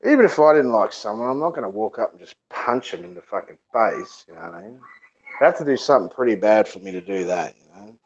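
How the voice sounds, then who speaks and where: A man's voice: fairly low pitch, fast, dull audio. A man hosting a live show, telling stories in loose, profane casual chat. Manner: profane storytelling, animated.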